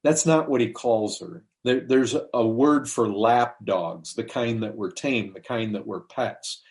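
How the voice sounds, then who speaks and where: A man delivers a sermon at an unhurried, measured pace, with a mid-range voice. He talks to his listeners casually, poses rhetorical questions and acts out the words of the people in the text. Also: medium pitch, darkish tone. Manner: slow, conversational preaching with rhetorical questions and acted quotes. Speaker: preacher.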